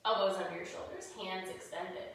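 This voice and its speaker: A woman leading a kids' yoga class as a gentle story, mixing pose cues with storytelling. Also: on the low side, steady tone, normal speed, a little hiss or hum. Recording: very echoey room, voice far from mic.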